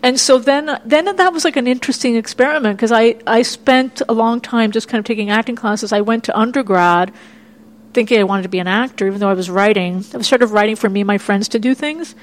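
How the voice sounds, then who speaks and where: Playwright guest, woman from Miami, lively storyteller who plays out her own reactions in an interview indoors. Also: a little high, quick pace. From Miami, United States. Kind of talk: casual interview chat. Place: indoor room in Chicago.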